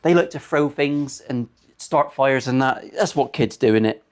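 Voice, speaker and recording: A man's voice: medium pitch, normal speed, clear, resonant tone. A man, a luthier talking casually as he works on a guitar in his workshop, rambling into crude, sweary jokes. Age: 40s. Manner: chatty, crude, rambling banter with frequent swearing.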